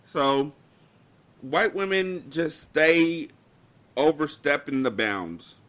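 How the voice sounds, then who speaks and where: A young man co-hosting a podcast, telling a work story in casual chat with animated delivery and mock-formal phrasing. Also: on the high side, slow pace. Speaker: podcast co-host.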